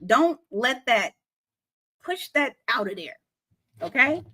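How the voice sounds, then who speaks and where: A woman's voice: sits high, big pitch swings, bright, forceful tone, breathy edge. Blunt, laughing tarot reader woman. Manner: blunt, swears freely, laughs often, slows to stress advice. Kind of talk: casual tarot reading to camera.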